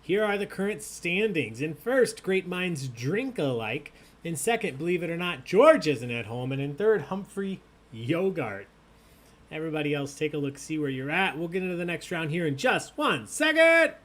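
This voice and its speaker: A man hosting a live online trivia game reads out questions at a moderate pace, his voice on the high side. He keeps the mood upbeat, animated and full of jokes with the players.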